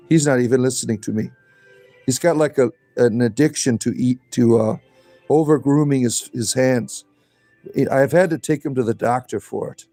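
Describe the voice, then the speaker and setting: Male streamer, mellow tone, playful pet-talk voice over faint music. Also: mid-range voice. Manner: coos and talks to his pets in a playful, rising baby-talk voice. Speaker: live streamer. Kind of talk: casual live stream chat.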